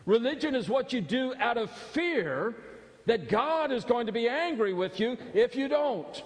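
A man's voice: very high-pitched, very animated, normal speed. A man preaching a sermon as pastor, emphatic and repetitive, his voice building in fervor. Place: church sanctuary. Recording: long hall reverb.

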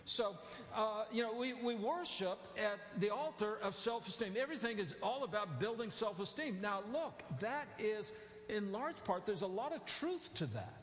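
A man's voice: high-pitched, expressive, moderate pace, fairly bright tone, slight background noise. A male pastor giving a sermon in a church, talking in a conversational way with many fillers and self-corrections. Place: church sanctuary. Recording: echoey church hall.

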